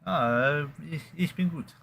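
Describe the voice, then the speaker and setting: A man's voice: on the high side, takes it slowly, vocal fry, fairly bright tone. A man co-hosting a casual whisky tasting stream, throwing in dry, teasing quips.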